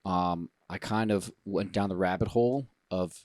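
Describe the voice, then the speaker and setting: A man co-hosting a casual podcast, an animated storyteller who jokes around. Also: low-pitched, moderate pace, no room sound, studio quality. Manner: animated storyteller, sings and beatboxes jokingly. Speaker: podcast co-host. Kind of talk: casual chat.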